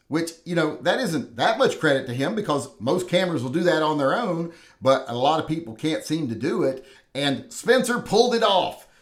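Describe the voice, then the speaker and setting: Man, middle-aged, sarcastic gun channel host, fairly high voice, very animated pitch. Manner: dry, teasing sarcasm. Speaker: gun channel host reviewing viewer carry guns. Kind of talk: humorous voice-over commentary.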